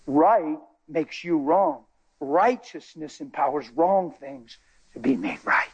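A man giving an emotional spoken testimony to a church, impassioned and emphatic, his voice swinging from high cries to low murmurs. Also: vocal fry, slightly rough, low-quality recording.

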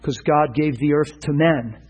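A middle-aged man preaching earnestly about prayer, animated and stumbling over repeated words. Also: fairly high pitch, unhurried, breathy edge, rough recording. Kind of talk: sermon-style teaching.

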